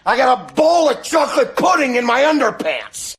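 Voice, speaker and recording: A squeaky, silly cartoon goofball. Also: male voice, very animated, normal speed, heavily acted.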